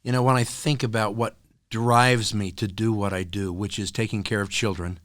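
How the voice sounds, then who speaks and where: An older man with a fairly low voice speaks as a podcast guest. He tells his story in an earnest, thoughtful way, pausing often with small fillers, and the recording is dry and close. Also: fairly even intonation, a bit bright, no room sound. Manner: earnest, reflective, with frequent filler pauses. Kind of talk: storytelling interview.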